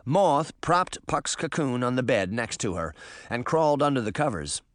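Male narrator for a storybook, lively and expressive, dry close sound. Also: medium pitch, moderate pace, no echo. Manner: expressive, varied delivery. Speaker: audiobook narrator.

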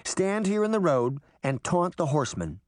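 A man voicing a sharp, bossy young girl who scolds and taunts. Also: mid-range voice, sing-song, normal speed, dry recording, clean studio sound, voice pushed up, lightly acted. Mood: impatient. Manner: impatient, scolding.

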